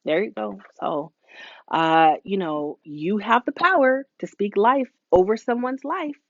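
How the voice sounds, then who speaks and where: An unhurried woman with a creaky, mid-range voice hosts a live motivational session as a hair stylist, casual and preachy, with frequent fillers, asides, and acted-out quotes. There's no room sound, and the highs are cut off.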